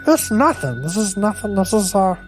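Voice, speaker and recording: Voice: mid-range voice, big pitch swings, normal speed, soft background music, voice pushed up, close to an everyday voice. A game master voicing a chatty, nosy female space goblin in a tabletop game. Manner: friendly, drawling, suspicious.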